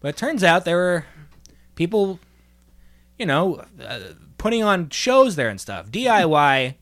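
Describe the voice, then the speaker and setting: A man's voice: sits high, very animated, unhurried, a bit bright, full character voice. A man playing a smarmy, awkward male gallery curator in an improvised comedy, rambling and flustered. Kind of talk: improvised comedy role-play.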